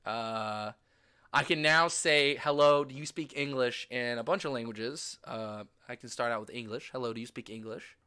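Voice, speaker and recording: A young American man recapping a trip in casual chat, animated and gushing, swearing freely. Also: mid-range voice, normal speed, clear, resonant tone. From United States. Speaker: vlogger.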